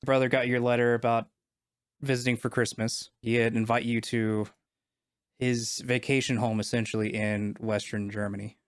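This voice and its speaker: Acting as game master for a tabletop game, a man narrates casually with many fillers. His medium-pitched voice has little pitch movement, a moderate pace, and a clear, resonant tone in clean studio sound with no room noise.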